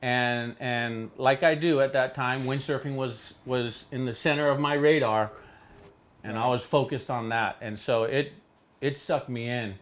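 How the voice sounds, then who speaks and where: A middle-aged man from Hawaii, telling stories in a studio interview with animated delivery, jumping into voices for quoted people. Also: measured pace. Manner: animated, acts out quotes with big pitch jumps. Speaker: interview guest. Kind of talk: storytelling in a casual interview.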